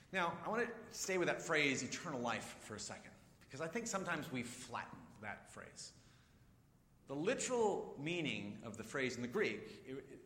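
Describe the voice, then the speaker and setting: Bright-voiced man preaching in an echoey hall. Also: a little high, big pitch swings, moderate pace, a little hiss or hum. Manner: conversational, acts out quoted voices. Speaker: pastor. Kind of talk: sermon. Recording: echoey hall with long reverb.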